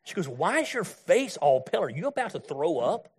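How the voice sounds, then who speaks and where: A man's voice: fairly high pitch, sing-song, fairly quick, breathy edge. A middle-aged man preaching a sermon in a blunt, folksy, storytelling way. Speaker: pastor.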